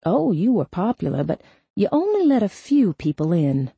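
A woman's voice: medium pitch, sing-song, moderate pace, gravelly, warm tone, breathy edge, no echo, heavily acted. A woman reading an audiobook, voicing a middle-aged mother whose voice is soothing yet firm.

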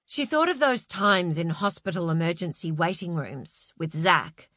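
An audiobook narrator reads a novel aloud from a script, her narration measured and expressive. Her voice is lowish, and the recording is dry and studio quality.

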